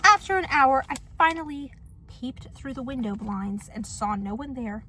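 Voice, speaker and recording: Sassy high-voiced young woman. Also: animated, moderate pace, sharp tone, a little hiss or hum. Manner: sassy, dramatic, mocking. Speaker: vlogger. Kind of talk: casual storytime vlog. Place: apartment living room.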